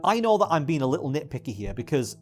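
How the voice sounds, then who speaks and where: A man's voice: on the high side, big pitch swings, quick pace, faint music behind. A man giving exasperated, swearing video essay commentary as a YouTuber.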